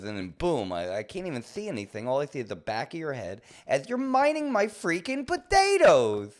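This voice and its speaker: A man streaming a game live, chatting and ranting playfully with mock indignation and sudden excited outbursts. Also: a little fast, few pauses. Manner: jumps to high excited outbursts. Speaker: livestreamer. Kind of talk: live gameplay commentary.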